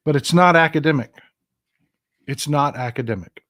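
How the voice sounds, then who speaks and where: Hosting a livestream of political commentary, an older man talks passionately and emphatically, repeating himself and reading out comments from viewers. His voice is fairly high, animated, and at a normal speed.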